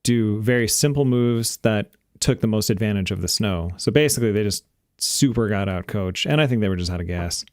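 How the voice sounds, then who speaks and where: Low-voiced man giving podcast commentary. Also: brisk, hardly any pauses, dry recording, clean studio sound. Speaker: podcast co-host. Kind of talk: casual chat.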